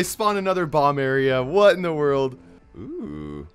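A young man with a cold giving excitable let's-play commentary, yelping and laughing at the scares. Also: fairly high pitch, measured pace, clear, resonant tone, soft background music. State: has a cold. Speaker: gaming YouTuber.

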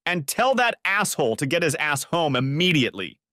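A man voicing a furious, shrill woman who yells and curses, in a storybook reading. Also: sing-song, moderate pace, no room sound, clean studio sound. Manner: yelling, cursing, shrill.

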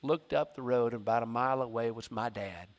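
A man's voice: medium pitch, brisk. A man preaching a sermon in church, telling a story and acting out his own inner voice.

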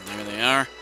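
A man hosting a let's-play, thinking aloud as he plays and easily amused by what he finds. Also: mid-range voice. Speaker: gaming channel host. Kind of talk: let's-play game commentary. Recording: game music playing clearly behind. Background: game soundtrack music.

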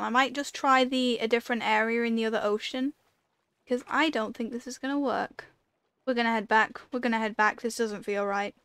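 A woman's voice: fairly high pitch, a bit bright, clear, resonant tone, no echo. A woman giving casual commentary while playing a video game, talking to herself and breaking into panicked repeated pleas. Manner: chatty, rambling storytelling with fillers. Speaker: gaming video creator.

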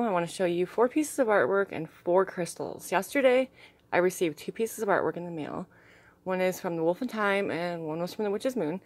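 A young woman vlogging in an excited, gushing way, a little out of breath, sometimes dropping to soft asides. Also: on the low side. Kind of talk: casual unboxing chat.

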